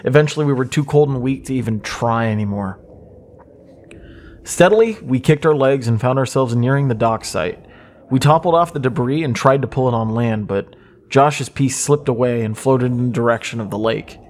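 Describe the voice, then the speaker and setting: A man narrating a horror story in a measured, suspenseful way. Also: medium pitch, a little mellow, slight background noise. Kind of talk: scripted creepypasta narration.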